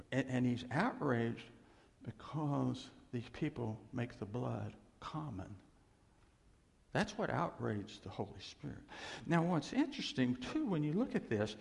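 A male preacher delivering a sermon, swinging from loud emphasis to hushed near-whispers and acting out quoted voices. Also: medium pitch, gravelly. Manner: acts out voices of doubters and God in quotes. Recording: long hall reverb.

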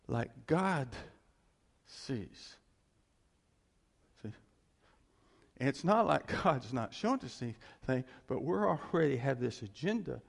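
A male preacher giving a conversational, animated sermon and often chuckling as he talks. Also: medium pitch, gravelly.

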